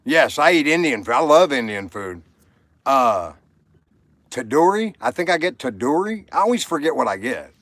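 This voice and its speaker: A man's voice: medium pitch, sing-song, moderate pace, a bit bright, no echo. Rambling man on a livestream, dry sound. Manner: rambling, reads viewer comments aloud. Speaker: livestream host. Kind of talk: casual chat.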